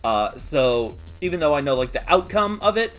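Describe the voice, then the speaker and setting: A chatty man hosts a casual manga recap, animated and quick with laughing asides. His voice is a bit higher than usual for a man, and faint music plays underneath. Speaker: host.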